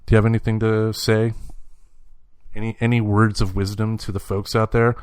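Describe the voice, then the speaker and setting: A man's voice: lowish voice, level tone, normal speed, a little mellow, clear, resonant tone, dry recording. A man hosting a podcast in a casual chat and teasing his young guest with jokes. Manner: teasing, joking interviewer. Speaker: podcast host.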